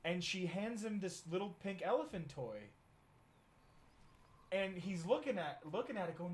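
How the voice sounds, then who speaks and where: A man's voice: high-pitched, animated, moderate pace. A young man chatting casually while streaming a game, joking, teasing and telling a rambling joke. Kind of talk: casual chat while gaming.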